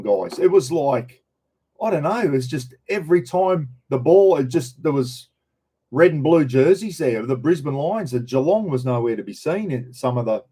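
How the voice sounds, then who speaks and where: A man's voice: medium pitch, warm tone, breathy edge. Chatty Australian man rambling live. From Queensland, Australia. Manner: rambling, chatty, greets viewers by name. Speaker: livestream host. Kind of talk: casual livestream chat.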